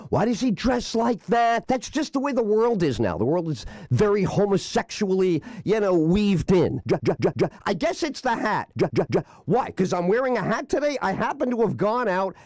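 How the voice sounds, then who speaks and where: A man's voice: sits high, darkish tone, dry recording, clean studio sound. A man hosting a radio talk show, sparring with a caller in a sarcastic, combative and profane way. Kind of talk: on-air exchange with a prank caller.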